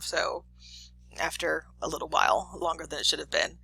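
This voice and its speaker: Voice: medium pitch, moderate pace, gravelly, pushed and bright, no room sound, low-quality recording. A professor giving a casual classroom lecture, chatty and full of fillers and acted quotes.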